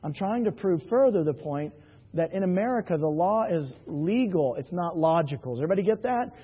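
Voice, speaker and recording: A man with a high, husky, animated voice speaks fairly quickly as he tells jokey sales stories to a live crowd in a hall, often asking "right?". The recording sounds tinny and phone-like, with a long hall reverb.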